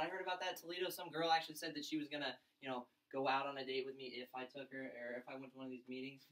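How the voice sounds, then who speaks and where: A young man telling his story and pitching to a room of college students, excited and fast, acting out other people's lines. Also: echoey room, recorded from a distance, low-quality recording. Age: young adult. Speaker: event speaker. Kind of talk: energetic pitch talk to a crowd.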